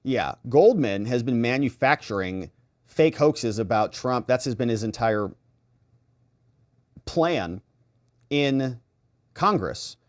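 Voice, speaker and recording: Lively, animated man hosting a live stream. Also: medium pitch, slow, long pauses, no echo, clean studio sound. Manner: animated, chatty, acts out little exchanges. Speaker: host of a live political commentary stream. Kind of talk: casual live-stream chat, reading viewer comments.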